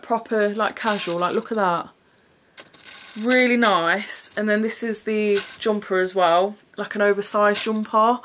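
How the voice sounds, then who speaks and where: A woman's voice: mid-range voice, a bit bright. Chatty woman reviewing clothes. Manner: chatty, frank and swearing, with frequent "do you know what I mean". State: slightly out of breath. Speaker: fashion vlogger. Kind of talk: casual clothing try-on haul.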